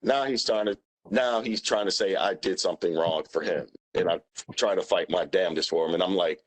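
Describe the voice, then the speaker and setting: A man's voice: deep voice, brisk, low-quality recording. A man testifying as a witness, plain-spoken and emphatic, repeating his points. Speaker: witness, former union president. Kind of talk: testimony under questioning.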